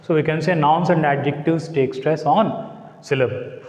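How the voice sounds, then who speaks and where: A man with an Indian English accent teaching a lesson on English word stress, slowly repeating words and rules and checking that students follow. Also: on the high side, fairly even intonation, darkish tone. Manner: slow, repeats words and rules, asks "got it?". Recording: echoey room, long reverb.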